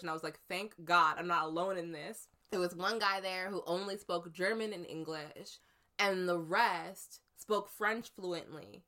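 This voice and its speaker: Chatting casually, this American woman recounts a story with plenty of energy, imitating the voices of those she's quoting. Her voice sits fairly low.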